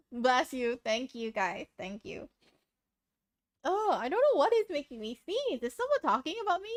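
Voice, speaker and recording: A woman's voice: sits high, big pitch swings, unhurried, pauses often. A woman hosting a livestream, chatting casually with viewers, giggly and rambling, a bit sniffly, on a noise-suppressed desk mic. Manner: giggly, rambling, self-deprecating. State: sniffly from sneezing. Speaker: livestream host. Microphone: desk microphone with noise suppression.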